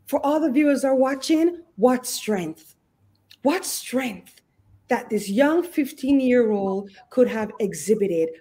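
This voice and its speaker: A woman's voice: fairly high pitch, warm tone. A woman hosting a faith-based talk show, speaking in an encouraging, preachy way and quoting scripture to viewers. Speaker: host.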